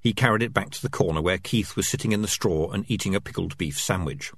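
A man reading a novel aloud as narrator, with expressive storytelling delivery. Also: sits low, quick pace, vocal fry, breathy edge, no room sound, clean studio sound. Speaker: audiobook narrator. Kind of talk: scripted narration.

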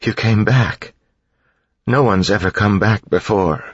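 A man's voice: lowish voice, takes it slowly, breathy edge, dry recording, dull audio, pitched above the performer's own voice. A man voicing a fierce young woman, breathless and raised. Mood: overjoyed. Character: young woman, fierce fighter turned tender.

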